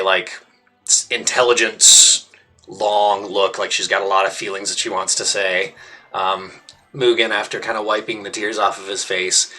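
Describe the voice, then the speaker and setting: A man's voice: lowish voice, pushed and bright. A man narrating as the game master of a tabletop game, describing scenes in a loose, filler-filled way.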